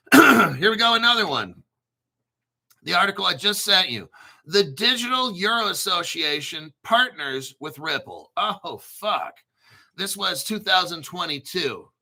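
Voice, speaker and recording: A man hosting a crypto show, ranting bluntly and profanely while clearing his throat often. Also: sits high, lively intonation, unhurried, bright, forceful tone.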